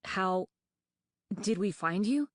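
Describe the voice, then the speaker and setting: A woman voicing a nervous, bookish young male dragon in an audiobook, talking in anxious, rapid reasoning and stammers. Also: mid-range voice, expressive, no echo, studio quality. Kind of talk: audiobook character voice.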